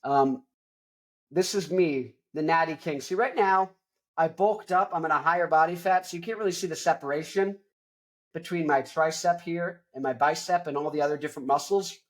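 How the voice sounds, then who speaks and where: A man's voice: a little high, normal speed. A young man hosting a rock show, reviewing an album in a rambling, jokey, digressive way. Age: young adult. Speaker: host. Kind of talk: casual album review chat.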